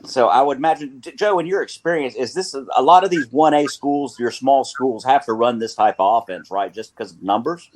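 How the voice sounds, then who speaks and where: A man's voice: medium pitch, a little fast, hardly any pauses. A man hosting a sports radio show with a North Carolina accent, talking in a playful, rambling way and correcting himself as he goes.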